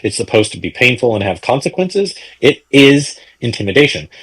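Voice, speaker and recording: A man's voice: mid-range voice, big pitch swings, normal speed, fairly bright tone, breathy edge. A man co-hosting a political podcast, talking in an indignant, questioning way. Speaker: podcast co-host. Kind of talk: casual political chat.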